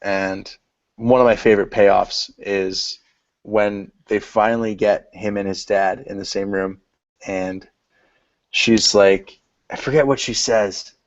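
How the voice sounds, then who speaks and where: A podcast co-host with a fairly low, fairly even voice speaks slowly in a casual, jokey chat about films, slipping into mock voices to quote scenes. The recording is dry, dull lo-fi podcast audio.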